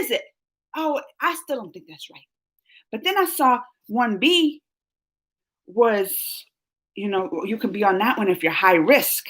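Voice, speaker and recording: A woman's voice: sits high, moderate pace. A middle-aged woman hosting a casual live stream, chatting with viewers and telling stories with frequent laughs. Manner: chatty, animated storytelling with laughs. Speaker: live-stream host reading chat.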